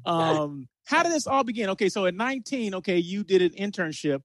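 An animated man hosting an interview, his voice a little high and recorded close and dry. He reads a long introduction with stumbles, then chats eagerly with his guest. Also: fairly quick, dry recording. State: out of breath after the intro. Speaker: host. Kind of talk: casual interview.

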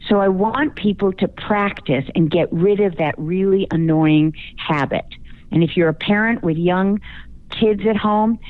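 A woman's voice: medium pitch, a little slow. A woman from Chicago, a guest speaking coach in a radio interview, giving confident, emphatic advice. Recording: phone-line call.

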